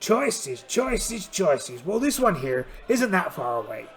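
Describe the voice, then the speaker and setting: A gravelly, high-pitched pirate captain with one eye, blustering and cheerful, as a man puts him on. He narrates a solo tabletop voyage with theatrical exclamations, and his pitch swoops widely from phrase to phrase. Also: big pitch swings, takes it slowly, exaggerated voice. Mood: storytelling.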